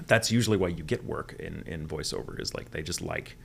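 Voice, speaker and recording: Deep-voiced wry man from Texas. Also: brisk, vocal fry, slight background noise. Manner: candid, profane, self-deprecating and wry. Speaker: voice actor guest. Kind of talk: candid interview storytelling.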